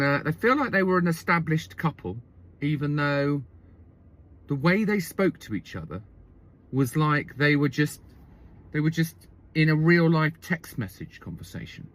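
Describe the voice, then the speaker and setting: A man's voice: fairly high pitch, sing-song, measured pace, long pauses, a bit bright. A man telling a comic story in a wry monologue, often checking in with "okay?" and "right?".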